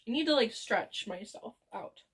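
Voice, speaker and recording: A woman's voice: a little high, expressive, moderate pace, breathy edge. Woman live streamer with a loose, wandering way of chatting with her viewers. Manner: rambling, chatting with chat, drifting off-topic. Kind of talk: casual chat with viewers.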